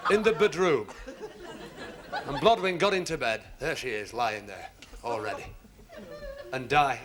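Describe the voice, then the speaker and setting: A man telling a long joke on stage as a stand-up comedian, rambling and stammering, dropping his voice low at times. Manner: rambling, stammering delivery that drops to a mutter. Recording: 1970s TV stage recording with hiss.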